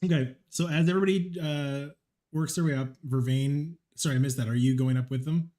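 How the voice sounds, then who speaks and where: A man's voice: mid-range voice, fairly quick, warm tone. A man narrating as game master in a tabletop game, casual and hesitant with many ums.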